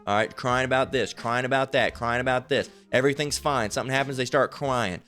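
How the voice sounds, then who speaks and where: A man giving informal online Bible teaching, rambling and profane, repeatedly asking "all right?" and slowly reading verses aloud. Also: mid-range voice, fairly even intonation, sharp tone, soft background music. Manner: reads scripture aloud slowly.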